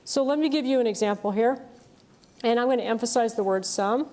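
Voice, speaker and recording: A woman with a fairly high voice delivers a university lecture. She explains patiently, pausing on fillers and checking that students follow along. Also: a little mellow. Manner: explanatory, checks in with "okay?" and "right?". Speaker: chemistry lecturer.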